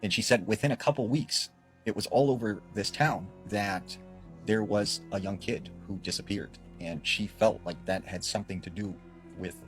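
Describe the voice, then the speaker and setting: A man's voice: lowish voice, moderate pace, faint music behind. A man retelling a paranormal story in a conversational way, with dramatic swells and filler words.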